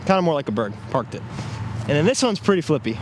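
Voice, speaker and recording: A disc golf reviewer, a man with a slightly high voice, plays along on an outdoor course and comments casually, very animated and quick, exclaiming at each shot. It was recorded outdoors in the field with faint noise.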